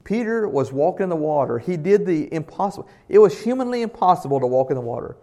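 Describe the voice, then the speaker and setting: An earnest male pastor preaches a sermon in a somewhat high voice. He grows loud and emphatic, then drops to soft tones. He puts questions to the congregation. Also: lively intonation, fast talker.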